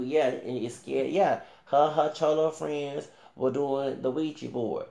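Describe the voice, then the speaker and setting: A man's voice: mid-range voice, steady tone, a little slow, vocal fry, dark tone, echoey room. A man ranting casually to camera as a YouTuber, rambling with many restarts and fillers and talking back directly to another creator.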